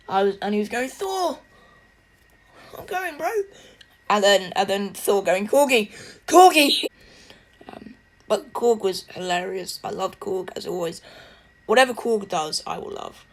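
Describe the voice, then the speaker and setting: Woman reviewer, conversational and effusive, mid-range voice, quick to laugh. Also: medium pitch. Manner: chatty and gushing, with frequent laughs. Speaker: film reviewer. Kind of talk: casual spoken film review.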